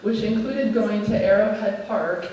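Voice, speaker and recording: A woman's voice: medium pitch, measured pace, mellow, a little hiss or hum. Woman, 30s, earnest church speech from notes, reverberant hall, heard from a distance. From Minnesota, USA. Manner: earnest, personal, reading from notes. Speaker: pastor's wife giving an anniversary speech. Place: church sanctuary.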